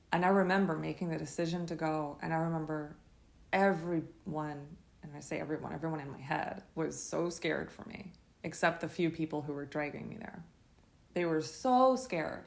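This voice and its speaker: A woman telling her own story in a halting, intense first-person monologue. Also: sits low, gravelly.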